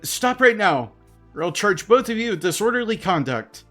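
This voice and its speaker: A man voicing a commanding guard in a shrill, high voice while reading game text aloud. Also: sing-song, moderate pace, a bit bright, soft background music.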